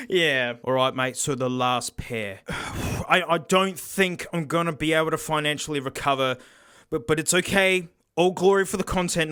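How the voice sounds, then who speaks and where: A man with an Australian accent hosting a comedic headphone review, excitable and sarcastic, laughing often. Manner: excitable and sarcastic, laughing, with big pitch swings. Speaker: host reviewing cheap headphones.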